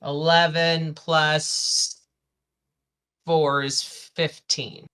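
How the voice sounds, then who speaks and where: An eager tabletop player counts out rolls and damage aloud with plain enthusiasm. The voice is bright and forward. The delivery is unhurried and deliberate. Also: mid-range voice, little pitch movement, clear, resonant tone. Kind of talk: casual tabletop play.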